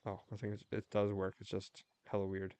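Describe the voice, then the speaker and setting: A young man chatting casually while livestreaming a game, telling a rambling story with quick restarts. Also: on the low side, completely flat delivery, darkish tone, no room sound. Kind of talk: casual chat while gaming.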